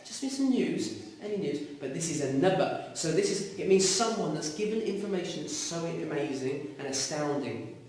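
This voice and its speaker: A man teaching a lively class, asking students questions as he goes. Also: fairly high pitch, moderate pace, hardly any pauses, slight background noise. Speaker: Arabic teacher. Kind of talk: classroom lecture. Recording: echoey room, mic far off.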